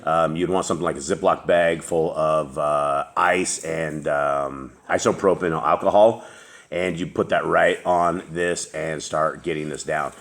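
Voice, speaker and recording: A man with a very deep voice hosts a casual chat. He rambles along with plenty of fillers and restarts. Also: steady tone, a little slow, fairly bright tone. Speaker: host.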